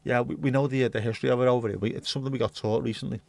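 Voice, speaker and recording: A man's voice: medium pitch, steady tone, very fast, creaky, darkish tone, dry recording. A man hosting a livestream, chatting bluntly and rambling through viewer comments with the odd swear. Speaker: livestream host. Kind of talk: casual chat reading viewer comments.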